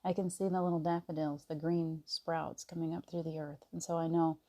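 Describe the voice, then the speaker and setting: A woman hosting a casual live stream, chatting gently and greeting viewers by name. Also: sits low, level tone, a little fast. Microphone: device mic on a video stream.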